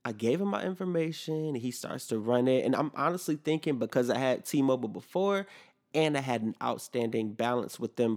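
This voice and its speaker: Young male podcast host, gravelly voice, animated and profane, casual storytelling rant. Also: medium pitch. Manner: animated, profane, acts out both sides of conversations.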